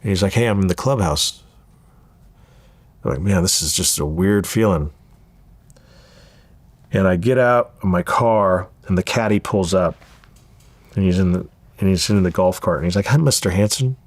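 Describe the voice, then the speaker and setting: Brief: low male voice, thirties, animated storyteller, dry studio sound. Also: normal speed, long pauses, no echo. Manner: animated storyteller acting out quoted dialogue. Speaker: interview guest. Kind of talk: storytelling interview.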